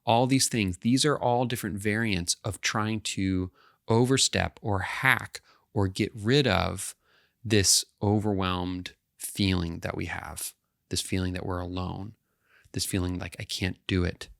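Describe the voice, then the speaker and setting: Low gravelly male counselor explaining. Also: fairly even intonation, measured pace, fairly bright tone, no echo, studio quality. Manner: explanatory, often checks in with "right?" and "okay". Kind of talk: educational talk to camera.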